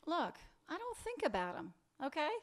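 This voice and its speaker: A man reading fiction aloud, voicing a sharp-tongued, sarcastic wife who demands answers. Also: extremely high pitch, wildly swooping pitch, moderate pace, voice pushed up, exaggerated voice. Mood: irritated. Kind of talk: literary reading, acted dialogue.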